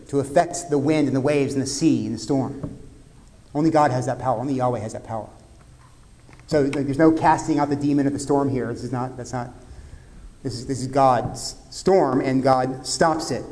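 A man preaching a sermon, talking conversationally, retelling scenes vividly and dropping suddenly quiet at times. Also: a little high. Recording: long hall reverb.

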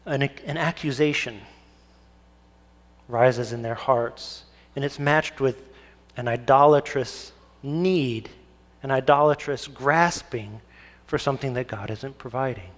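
A man's voice: medium pitch, slow, pauses often. Man preaching in a reverberant hall. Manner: asks the congregation rhetorical questions. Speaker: pastor. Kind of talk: sermon.

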